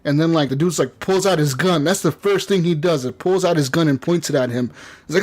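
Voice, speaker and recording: A man's voice: fairly high pitch, brisk. A man on a casual gaming podcast, retelling what happened in his playthrough with plenty of fillers and acted-out quotes. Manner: animated storytelling, acts out quotes, many fillers. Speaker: podcast guest or host.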